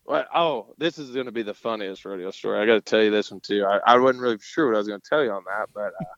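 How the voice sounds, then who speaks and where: A man's voice: fairly low pitch, fast talker, no room sound. A man, telling rodeo stories in a casual, folksy way with lots of fillers and mild cursing. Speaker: podcast guest, rodeo cowboy. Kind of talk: casual storytelling. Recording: dull lo-fi sound.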